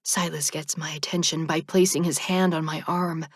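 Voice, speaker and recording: A woman narrating an audiobook in the first person with a measured, soft delivery. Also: low-pitched, fairly even intonation, no echo, studio quality.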